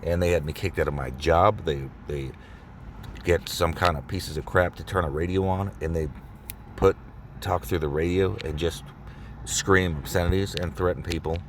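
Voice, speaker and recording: A man with a very low voice rants in a vlog, agitated and swearing, going over the same points again and again. He talks from inside his car, and faint background noise sits under his voice. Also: steady tone, moderate pace. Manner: agitated, profane, repeats himself. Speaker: vlogger. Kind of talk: angry ranting vlog.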